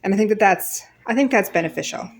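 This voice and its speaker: Patient, encouraging homeschooling mom. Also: female voice, medium pitch, expressive, quick pace. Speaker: homeschooling mother. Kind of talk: casual teaching and vlog commentary. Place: family home.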